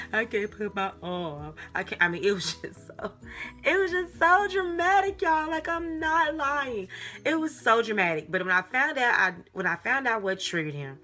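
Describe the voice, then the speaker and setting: Chatty young mom with bright tone. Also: female voice, on the low side. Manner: chatty, animated, repeats herself, laughs often. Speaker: mom vlogger. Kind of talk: casual advice vlog.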